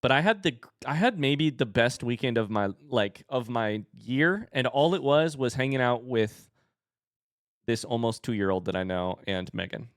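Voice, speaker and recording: A man in his thirties talks casually to his stream, his pitch bouncing up and down as he rambles. The sound is dry and close to the microphone, with no room around it. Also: moderate pace, dry recording. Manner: chatty and animated, baby-talks his dogs. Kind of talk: casual live-stream chat.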